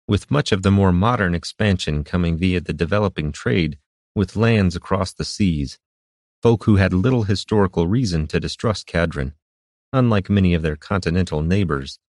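A man reading fantasy narration in a steady, measured way. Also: deep voice, no room sound, studio quality. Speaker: audiobook narrator.

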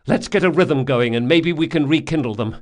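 A gruff, blunt male thief who raises his voice and gets loud when urgent, read by a man close to his own voice. He talks plainly and forcefully. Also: medium pitch, animated, moderate pace, natural voice. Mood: frantic.

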